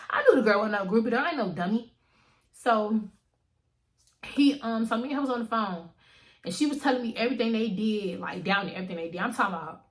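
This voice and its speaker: A young woman telling a personal story to camera in blunt, slangy, animated speech, jumping up in pitch when she acts out what others said. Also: low-quality recording. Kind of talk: casual storytime monologue.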